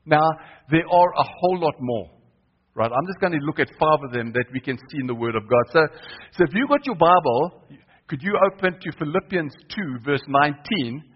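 A man's voice: on the high side, slightly rough, muffled recording. A man preaching a sermon in church, often asking the congregation questions and repeating key phrases for weight. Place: church hall.

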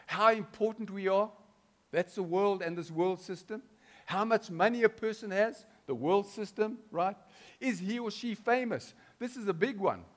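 Dynamic male preacher. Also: sits high. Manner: dynamic, swings between loud and hushed, keeps asking the congregation questions. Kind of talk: sermon.

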